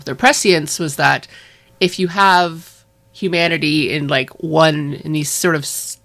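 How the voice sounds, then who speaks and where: A woman's voice: deep voice, fairly even intonation, measured pace, a bit bright. A woman co-hosting a podcast, rambling casually with fillers and laughs. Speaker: podcast co-host. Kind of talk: casual chat.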